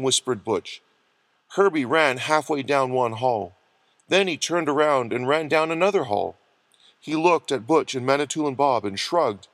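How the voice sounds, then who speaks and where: A man narrating a storybook with expressive delivery, recorded close. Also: medium pitch, no echo. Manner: expressive reading of many voices.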